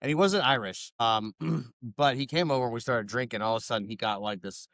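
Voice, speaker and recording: Laid-back, smooth-voiced man swapping stories. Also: fairly quick, a bit bright, dry recording, clean studio sound. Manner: laid-back, profane, drops low for asides. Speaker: podcast co-host. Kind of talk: casual storytelling.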